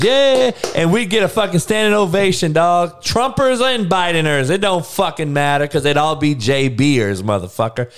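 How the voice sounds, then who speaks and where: Animated, profane man ranting casually. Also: a little high, moderate pace, few pauses, clear, resonant tone. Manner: profane, animated, laughing asides. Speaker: podcast host. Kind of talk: casual rant to audience.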